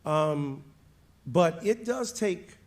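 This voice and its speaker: A man interviewing a guest on stage at an author event, animated and jokey, his voice jumping from loud bursts to quiet asides. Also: a little high, drawn-out words. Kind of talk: lively on-stage conversation.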